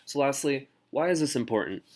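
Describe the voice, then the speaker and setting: A man teaching a language lesson in a relaxed, casual way, slowly sounding out example words. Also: medium pitch.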